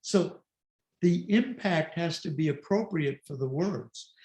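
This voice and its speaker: Speaking slowly in a slightly high voice with a darkish tone, a man coaches on public speaking in an online presentation. He keeps it conversational, dropping in emphatic jokes at his own expense. The home video-call recording sounds roomy and echoey.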